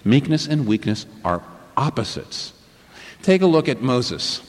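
A man delivers a sermon with a lively, swinging pitch, pressing home his points through rhetorical questions. His voice sits in a middle register. A long reverb trails each phrase, as in a large hall. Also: unhurried. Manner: emphatic, rhetorical questions, answers them himself. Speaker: preacher. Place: large church hall with a live congregation.

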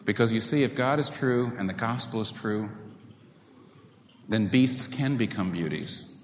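A male preacher delivers a sermon with a lively, swooping pitch, firing rhetorical questions at the congregation. His voice rings through a large hall with a long reverb tail. A faint hum of room noise sits underneath. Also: measured pace. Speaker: pastor.

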